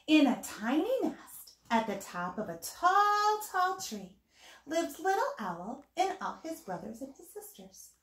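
A woman teacher reads a picture book aloud to young children, with an animated manner and pauses to ask her listeners questions. She speaks slowly with a high, lively voice that swoops up and down. The recording has a noticeable roomy echo. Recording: echoey room.

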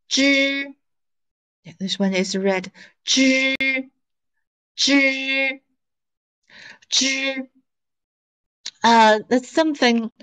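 A woman whose first language is Mandarin teaches an online Chinese lesson in English, drilling pronunciation patiently with many fillers. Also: mid-range voice. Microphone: screen-shared video call.

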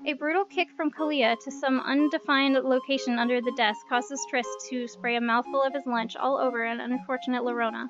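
A woman reads a visual novel aloud in an expressive, high voice, dropping in playful asides. The recording is dull and lo-fi. Music plays clearly in the background. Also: brisk, few pauses. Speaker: narrator.

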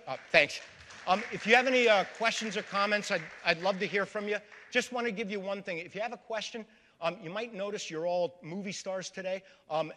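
Pitched high, his voice pushed and bright, a man tells stories during a public history lecture and addresses the live audience as folks. A large hall's long reverb surrounds him.

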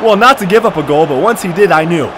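Hyped high-voiced man commentating a game. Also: lively intonation, quick pace, crowd noise, noisy background. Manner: hyped, shouting, trash-talking. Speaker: gaming commentator. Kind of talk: excited gameplay commentary.

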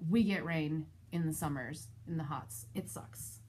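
A woman vlogger and mother telling a personal story in a casual, animated, exasperated way. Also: measured pace, husky. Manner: animated, exasperated retelling with shifting pitch. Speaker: parent of school-age kids.

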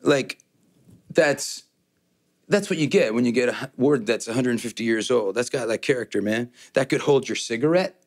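A man's voice: medium pitch, moderate pace. Joking, rambling male guitarist. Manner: loose and joking, rambling with restarts. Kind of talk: casual gear demo chat.

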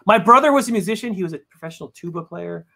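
A man's voice: high voice, lively intonation, fast talker, gravelly, bright, forceful tone. A man chatting as a writer guest in an interview, with lots of stammered restarts and a self-deprecating way of talking. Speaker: comic book writer as guest. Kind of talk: casual interview chat.

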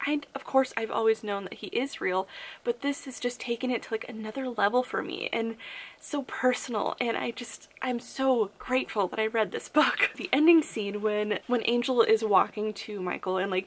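A woman's voice: fairly high pitch, fairly bright tone. A young woman vlogging about a book she loves, emotional and gushing, laughing while near tears. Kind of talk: casual chat.

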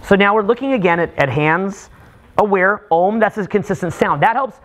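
A man's voice: high voice, normal speed. A man coaching a live seminar through a group meditation, loose and joking, swearing often and full of filler words. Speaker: dating coach leading a seminar. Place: seminar room in California, audience present. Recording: live seminar recording, loud crowd.

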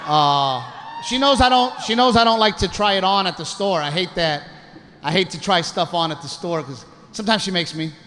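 A man performing a stand-up comedy set, telling a story loudly and shouting out impressions. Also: high voice, moderate pace. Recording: live show with crowd noise. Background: audience laughter.

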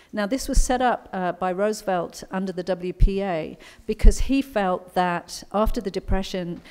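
A woman's voice: mid-range voice, darkish tone. A middle-aged woman with an English accent, an author speaking at a conference luncheon in a chatty, anecdotal storytelling manner. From England.

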